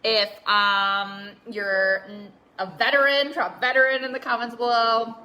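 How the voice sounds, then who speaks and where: A woman's voice: a little high, little pitch movement, unhurried, bright, forceful tone. A woman hosting a casual live stream, chatty and earnest, with lots of "like" and fillers. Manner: chatty, heavy use of "like" and fillers; open and earnest.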